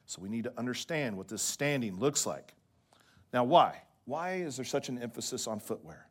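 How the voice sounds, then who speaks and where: Man preaching a lively sermon. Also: medium pitch, moderate pace, husky. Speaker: pastor.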